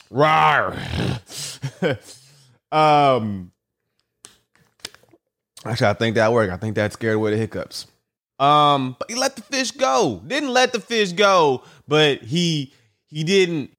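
A young man hosting a comedic solo podcast, rambling and animated, swinging his pitch around for laughs and often repeating himself. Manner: animated, swings pitch widely for comic effect; rambling, repeats and restarts phrases. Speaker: podcast host.

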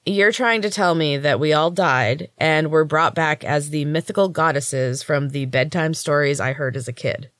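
A woman's voice: fairly low pitch, normal speed, hardly any pauses, no echo, studio quality, pitched above the performer's own voice, natural voice. A woman reading aloud, voicing an angry, skeptical young woman with irritated, challenging speech.

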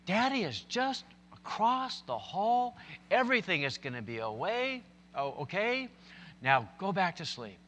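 A man voicing a sleepy father gently reassuring his frightened daughter. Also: high voice, very animated, a little slow, in a large hall, slight background noise, pitched above the performer's own voice, heavily acted. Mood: soothing. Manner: soothing, reassuring.

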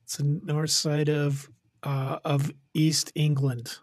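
A man with a slightly high voice co-hosts a casual podcast, teasing in a deadpan way. He is recorded dry and close. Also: dry recording. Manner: deadpan, drawls names slowly. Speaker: podcast co-host. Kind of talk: casual chat.

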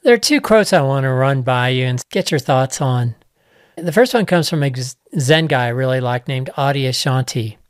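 An interviewer asking measured questions in a conversational interview. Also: medium pitch, lively intonation, smooth, no echo, studio quality.

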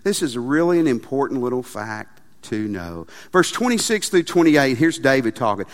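A man preaching a sermon as pastor, animated and emphatic, often repeating his phrases. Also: mid-range voice, normal speed. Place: church sanctuary. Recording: long reverb of a large hall.

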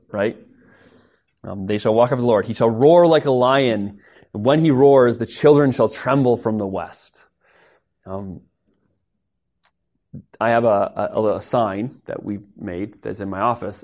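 A man's voice: medium pitch, darkish tone. A man preaching a sermon in a conversational way, often tossing in "right?" asides to his listeners. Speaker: pastor.

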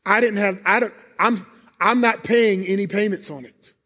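A high-pitched male pastor preaching in church, acting out God's answers as he tells emotional stories from his own life. His voice rings through a hall with a long, lingering reverb. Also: normal speed, bright, forceful tone. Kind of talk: sermon.

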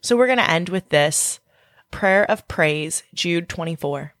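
A woman's voice: on the low side, expressive, a little slow, a bit bright, no room sound, studio quality. A woman in her thirties co-hosting a faith podcast, talking in an earnest, heartfelt and encouraging way. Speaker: podcast co-host.

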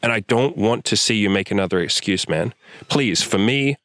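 A young male host delivers a blunt motivational rant to a listener outdoors in the sun, swearing constantly and speaking forcefully and directly. His voice is fairly low and expressive at a moderate pace, and the recording is dry with clean studio sound.

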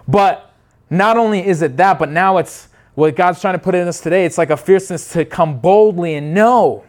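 A man's voice: sits high, fairly quick. A man preaching a sermon in an earnest, unscripted way, often restarting his phrases. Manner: earnest, many restarts, acts out quoted voices.

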